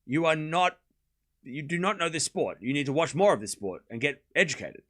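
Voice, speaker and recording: A male streamer calls tennis rallies live, his slightly raised voice jumping up in pitch and volume on big shots. Between points he drops into a low, blunt, casual rant at his chat. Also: moderate pace. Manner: excited play-by-play, then ranting casually at chat. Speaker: stream host and tennis commentator. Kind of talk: live watchalong commentary with chat.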